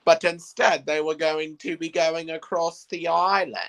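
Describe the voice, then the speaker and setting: A man's voice: a little high, flat delivery, unhurried, low-quality recording. A man in casual reaction chat about a show, ranting in exasperation. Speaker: co-viewer.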